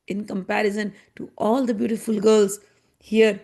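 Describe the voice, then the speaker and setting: A woman's voice: medium pitch, level tone, moderate pace, creaky, warm tone. A woman teacher giving a devotional scripture talk, reciting Sanskrit verses and then explaining them in a conversational way. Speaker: spiritual teacher.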